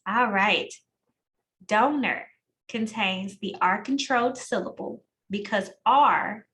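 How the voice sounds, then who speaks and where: A woman's voice: mid-range voice, a bit bright, poor audio. A woman leading an online test-prep class over a video call, calling on students by name and walking through answers. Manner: encouraging, calls on students by name. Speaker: instructor.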